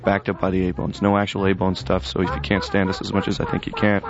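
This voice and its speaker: Deep-voiced wry male radio co-host. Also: completely flat delivery, fast. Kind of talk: casual radio banter. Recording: slightly lo-fi radio audio.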